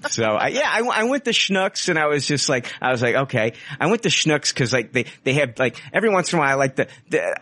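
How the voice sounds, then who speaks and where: A man's voice: mid-range voice, fairly bright tone. A man hosting a podcast in casual chat, swearing a lot, rambling and mocking himself. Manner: profane, rambling, self-mocking. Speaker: podcast host.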